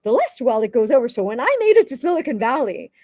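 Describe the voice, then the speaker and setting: A woman from the US East Coast, a communication coach giving advice as an interview guest in a lively, emphatic way, sometimes stammering as she restarts. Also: a little high, quick pace, no echo, studio quality. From United States East Coast.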